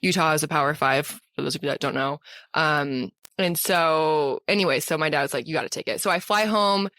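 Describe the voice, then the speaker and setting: Young american woman, podcast guest, bubbly and exclaiming, bright voice, dry close sound. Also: low voice, fairly quick, dry recording. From Southern California. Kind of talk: casual chat.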